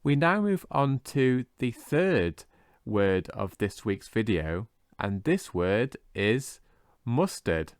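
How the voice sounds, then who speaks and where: A man teaching English vocabulary in a scripted lesson, slowly and carefully modelling how each word is pronounced. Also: fairly low pitch, sing-song, clear, resonant tone, no echo, studio quality. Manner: slow, careful modelling of pronunciation.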